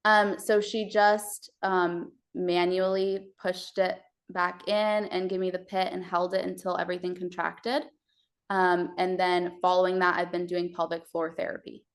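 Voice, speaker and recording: A woman's voice: lowish voice, level tone, a little slow. Young woman recounting a birth, hesitant. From Texas. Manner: hesitant, with many fillers. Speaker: podcast guest. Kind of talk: telling a birth story.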